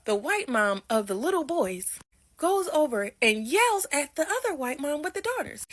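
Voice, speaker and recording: A woman's voice: sits high, sing-song, moderate pace. Blunt woman telling a story. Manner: blunt, emphatic, slangy. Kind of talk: casual storytime commentary.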